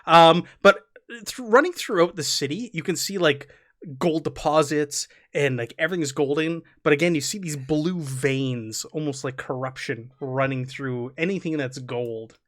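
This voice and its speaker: A man's voice: on the high side, normal speed, a bit bright. A man narrating as game master of a tabletop game, describing scenes loosely with many fillers.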